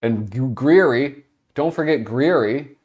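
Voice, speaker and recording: The audio is dull, and the man's mid-range, darkish voice is unhurried. As livestream host he chats loosely with viewers, rambling, breaking off partway through thoughts, and laughing as he goes.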